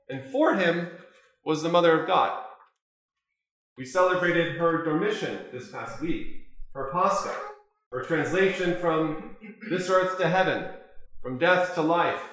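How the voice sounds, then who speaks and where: A man preaching a sermon as an Orthodox priest, measured and full of rhetorical questions. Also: high-pitched, fairly bright tone. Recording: very echoey church.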